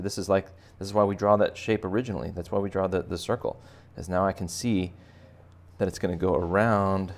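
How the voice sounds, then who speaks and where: A man with a deep, gravelly voice leads a relaxed drawing lesson for kids. He talks the viewer through each step and tosses in playful jokes as he draws. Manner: chatty, joking asides while sketching. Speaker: art teacher. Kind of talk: casual drawing tutorial for kids.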